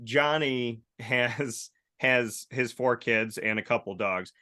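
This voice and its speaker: A man hosting a casual chat show, telling stories in a lively way and acting out the voices of the people in them. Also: mid-range voice, slow. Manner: animated storyteller, acts out quoted voices. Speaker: host.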